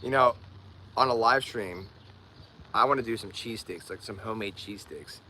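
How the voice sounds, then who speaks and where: A man's voice: on the low side, a little slow, long pauses, sharp tone, a little hiss or hum, low-quality recording. A man with a Philadelphia accent talking casually to viewers on a live stream, often repeating words as he searches for them. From Delaware County, Pennsylvania. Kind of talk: casual livestream chat.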